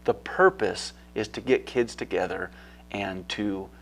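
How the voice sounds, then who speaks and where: Gravelly low-voiced man, eager and rambling. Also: sing-song, unhurried, fairly bright tone, faint music behind. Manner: eager, rambling, many fillers. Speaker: guest. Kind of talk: casual interview chat.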